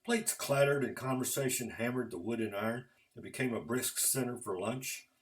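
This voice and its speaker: A man reading his own story aloud in a measured narrating manner. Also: mid-range voice. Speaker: author and storyteller.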